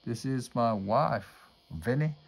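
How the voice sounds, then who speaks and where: A man reading a storybook, voicing a big, gentle father on the run who protects his family. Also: mid-range voice, expressive, takes it slowly, creaky, slightly rough, full character voice, rough recording. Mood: reassuring.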